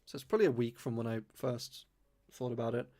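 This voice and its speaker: This London-born young man talks fast in a mid-range, darkly toned voice, with a slight Irish twang colouring his London accent. Fielding viewer questions on a live stream, he chats casually and rambles through plenty of fillers, yet keeps his enunciation careful.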